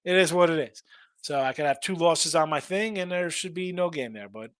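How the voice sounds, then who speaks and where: A man hosting a live betting show in a loose, rambling way, with plenty of restarts and repeated words as he reads viewers' messages aloud. His voice sits a little high for a man and sounds close and dry, with almost no room sound. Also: a little fast, fairly bright tone, no room sound. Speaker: sports betting show host. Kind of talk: casual live-stream betting talk.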